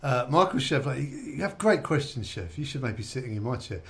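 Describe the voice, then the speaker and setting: A man's voice: medium pitch, lively intonation, a little fast, gravelly. A man hosting a radio show, casually reading out listener questions and bantering with his guest. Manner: easygoing, reads out listener questions. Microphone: studio microphone.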